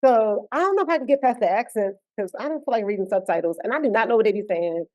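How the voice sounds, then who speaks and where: A woman's voice: a little high, animated, fast talker, darkish tone. A woman co-hosting a podcast, chatting casually and playfully about a reality show, often laughing. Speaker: podcast co-host. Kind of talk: casual reality-TV recap chat.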